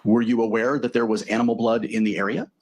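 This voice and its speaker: A man's voice: fairly low pitch, fairly even intonation, fast, a little mellow. A man acting as defense attorney in a courtroom, cross-examining a witness methodically with leading tag questions.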